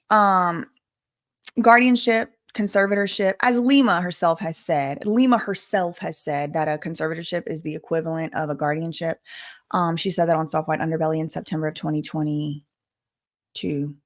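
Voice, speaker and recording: A young woman with a mid-range voice hosts a casual livestream, gushing excitedly as she reads donations aloud. Her mood swings back and forth between chatty and emotional.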